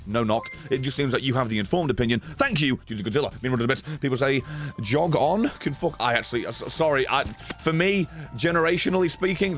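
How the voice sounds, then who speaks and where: A man streaming a game, chatting casually and swearing as he thanks viewers, his throat hoarse and strained. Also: medium pitch. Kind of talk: casual live-stream chat while gaming.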